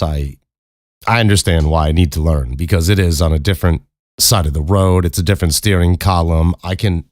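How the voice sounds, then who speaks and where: An American man with a deep, low voice talks alone on his podcast, rambling through a story, cursing freely and laughing along the way. The sound is dry and close, with no room around it. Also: a little mellow, no room sound. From United States. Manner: profane, rambling, laughs often. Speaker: podcast host. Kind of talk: casual storytelling monologue.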